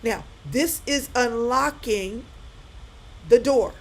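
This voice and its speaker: Speaking directly to her live-stream viewers, a middle-aged woman delivers a pep talk, emphatically repeating her points. She takes it slowly in a slightly high voice, and the recording quality is low.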